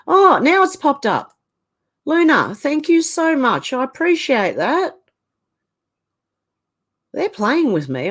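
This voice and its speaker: A middle-aged woman hosts a livestream in a casual chat, reading out viewer comments and reacting to each one with quick opinions. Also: medium pitch. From Australia. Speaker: livestream host.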